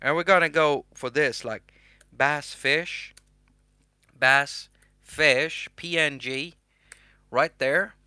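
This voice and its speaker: Man, casual tutorial host, bright forceful voice, dry close sound, jokes at himself. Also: on the high side, slow pace, long pauses, no room sound. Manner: joking, self-mocking, chatty.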